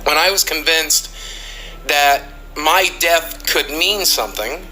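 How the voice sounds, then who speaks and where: A man's voice: on the high side, slow, sharp tone, faint music behind, rough recording. A man talking earnestly and emotionally in a studio, pleading with listeners. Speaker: YouTuber in a played clip. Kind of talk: emotional confessional talk.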